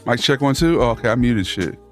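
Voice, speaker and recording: A man's voice: medium pitch, lively intonation, fairly quick, faint music behind. A man hosting a live stream, chatting casually with his chat in a laid-back, sarcastic, slangy way. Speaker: livestream host reading chat.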